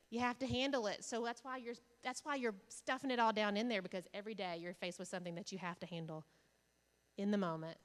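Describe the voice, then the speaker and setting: Woman giving a keynote in a hall. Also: mid-range voice. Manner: candid, humorous storytelling with audience asides. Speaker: keynote speaker. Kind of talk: conference keynote speech. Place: large conference hall. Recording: hall reverb from a stage.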